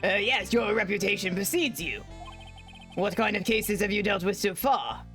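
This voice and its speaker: A woman's voice: medium pitch, animated, normal speed, a bit bright, soft background music, close to an everyday voice. A woman voicing a flustered older male judge who hesitates with frequent uhs. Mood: puzzled.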